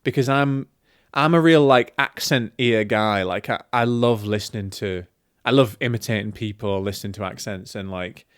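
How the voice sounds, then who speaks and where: A man's voice: fairly low pitch, fairly even intonation, moderate pace, clean tone, no echo, clean studio sound. A man hosting a casual film review show, talking in a chatty, opinionated way with plenty of fillers and restarts.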